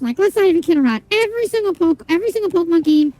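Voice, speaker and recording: A woman's voice: extremely high pitch, lively intonation, very fast, a little mellow, no echo, poor audio. A young woman streaming a game, chatting casually with viewers in a rambling, sweary way full of fillers. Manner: rambling, swears a lot, many fillers and restarts, chats to viewers. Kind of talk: casual live-stream chat while gaming.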